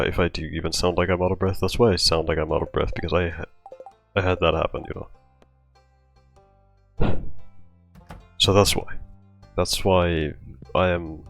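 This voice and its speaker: A man's voice: low voice, flat delivery, a little slow, long pauses, fairly bright tone, faint music behind. A man telling a rambling personal story in casual talk, out of breath, often restarting his sentences. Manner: rambling, with many restarts and fillers. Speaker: storytime vlogger.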